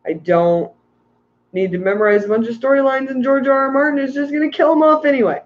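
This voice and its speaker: A high-pitched man chats loosely on a livestream, drifting into playful rants and reading out viewer messages. He sounds worn out from too little sleep. The audio is a little dull and lo-fi. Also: quick pace, a little hiss or hum. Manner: rambling, ranting, reads chat aloud. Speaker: aquarium fish livestream host. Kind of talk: casual livestream chat.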